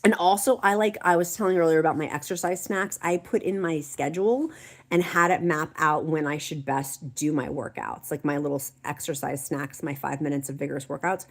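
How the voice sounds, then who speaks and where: A woman's voice: low-pitched, steady tone, a little fast. A woman hosting a live stream, chatting and reading viewer comments aloud in an encouraging way. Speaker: livestream host. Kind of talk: casual livestream chat.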